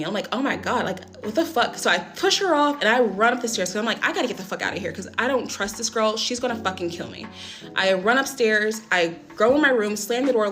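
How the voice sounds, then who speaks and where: A woman's voice: mid-range voice, fairly bright tone. A young woman telling a personal story in a casual storytime monologue, blunt, emphatic and full of swearing. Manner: blunt, heavily profane, emphatic retelling.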